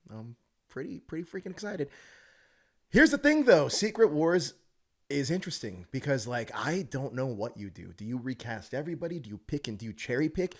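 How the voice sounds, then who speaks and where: Thirtysomething guy, podcast host, casual chat, bouncy pitch, jokey. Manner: animated, jokey, quick to put on silly voices.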